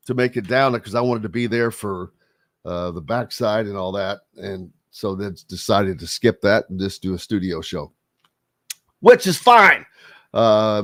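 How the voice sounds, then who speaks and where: A man's voice: on the low side, a bit bright. A man hosting a sports radio show, speaking in a rambling casual way with lots of fillers and restarts.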